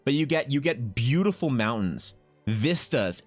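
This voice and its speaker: A man's voice: medium pitch, measured pace, faint music behind. Rambling, profane man chatting on stream. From Canada. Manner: rambling, profane, animated asides. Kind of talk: casual live-stream chat.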